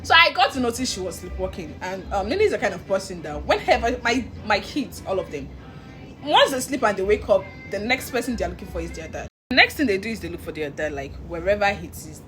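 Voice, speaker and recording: A woman's voice: medium pitch, quick pace, soft background music. A woman, vlogging as she tells a story with feeling and bursts of laughter. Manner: animated, emotional retelling with laughs. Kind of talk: casual storytelling to camera.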